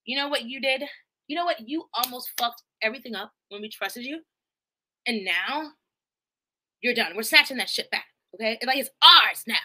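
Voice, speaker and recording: A cold, scornful council, as a woman puts it on that scolds a fallen hero and sends him away. The tone is clipped and dismissive. The voice stays bright and sits a little high. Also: lively intonation, normal speed, slight background noise. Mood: scolding.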